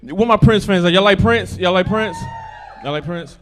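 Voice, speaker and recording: High-voiced profane stand-up comedian. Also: male voice, normal speed. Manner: profane, repetitive, swings from loud bursts to low mumbling. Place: comedy club stage. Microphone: handheld stage mic.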